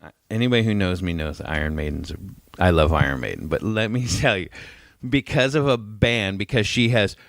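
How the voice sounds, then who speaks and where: A man in casual podcast chat, swearing freely as he tells his stories. His voice sits on the low side. The sound is dry and close, with no room around it. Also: normal speed, creaky, no room sound. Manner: profane, blunt storytelling. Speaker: podcast co-host.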